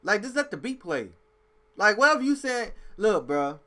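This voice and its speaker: Reacting to music on his video, a high-pitched man talks at normal speed and doesn't hold back. His takes are blunt and emphatic, delivered with lively street slang and frequent "bro"s.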